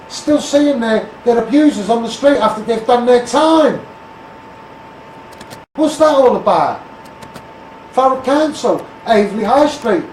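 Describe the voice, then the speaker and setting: A man's voice: extremely high pitch, a little mellow, roomy sound, far from the mic, a little hiss or hum, poor audio. A man with a Scouse accent from the Liverpool area, ranting bluntly on a phone live stream and calling everyone mate. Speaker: Facebook Live campaigner.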